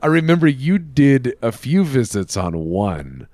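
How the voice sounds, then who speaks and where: A man chatting casually as a podcast host, telling stories with loud laughs and acted-out quotes. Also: medium pitch, a little slow, no room sound, studio quality. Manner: animated storyteller, acts out quotes, laughs loudly. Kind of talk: casual chat.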